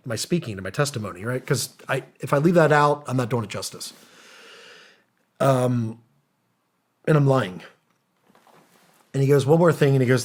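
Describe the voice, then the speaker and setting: A middle-aged man, a guest on a podcast, telling his story casually and earnestly, acting out quoted dialogue and using casual slang. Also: mid-range voice. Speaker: podcast guest, former special operations soldier.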